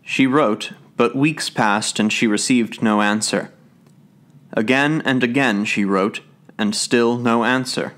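A man reads old folk tales aloud as an audiobook narrator, at a measured and steady pace. His voice sits at an ordinary male pitch and keeps an even, unhurried storytelling flow.

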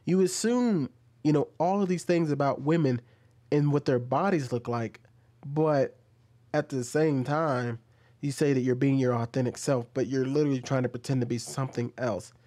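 A man's voice: mid-range voice, moderate pace, dark tone. A man in the middle of his range talks back at clips he's reacting to. His tone is argumentative, and it climbs into heated, emphatic ranting as he presses his case. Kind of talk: reaction video commentary.

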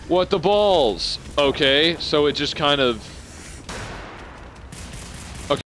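A young man giving live commentary on a video game he is playing, excitable and swearing as he reacts out loud. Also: fairly high pitch, slow, slight background noise. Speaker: gameplay streamer. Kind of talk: live let's-play commentary.

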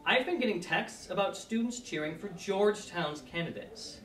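A man's voice: a little high, expressive, brisk, few pauses. A young man delivering a profane, aggressive scripted comedic rant as a student election announcer. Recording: roomy echo, distant mic, music.

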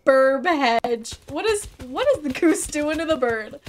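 A woman's voice: high voice, animated, unhurried. A woman streaming a video game, chatting playfully with viewers in a bubbly, casual way with some swearing. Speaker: gaming streamer. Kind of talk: let's play commentary.

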